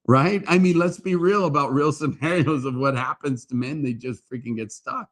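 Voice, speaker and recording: A man co-hosting a casual chat as a matchmaker, talking in a playful, teasing and animated way. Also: a little high, moderate pace. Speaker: matchmaker and co-host.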